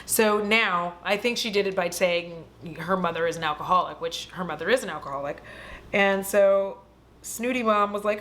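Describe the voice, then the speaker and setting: A woman hosting a casual vlog, retelling a film in an animated, profane storytelling way. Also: medium pitch, normal speed. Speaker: host. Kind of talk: casual movie recap vlog.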